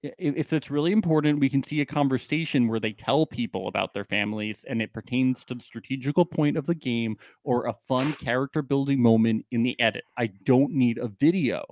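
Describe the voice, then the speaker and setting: A man co-hosting a podcast in casual chat, animated and fond of mimicking people. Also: mid-range voice, fairly quick, hardly any pauses, no echo. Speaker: podcast co-host.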